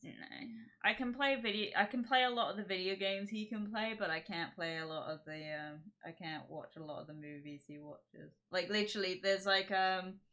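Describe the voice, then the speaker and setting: A woman's voice: mid-range voice, moderate pace, bright, forceful tone. A woman hosting her livestream, chatting casually and rambling with giggles and restarts. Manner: rambling, giggly, self-interrupting. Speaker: streamer host.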